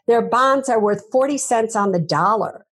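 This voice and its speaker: A woman's voice: a little high, moderate pace, breathy edge. A woman, a finance author, giving emphatic interview answers full of rhetorical questions.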